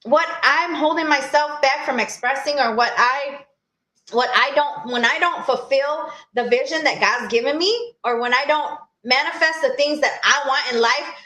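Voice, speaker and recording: A woman's voice: high voice, normal speed, pushed and bright, reverberant. A woman co-hosting a podcast over a video call, talking in an earnest, encouraging way and laughing easily. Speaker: podcast co-host. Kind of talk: casual chat.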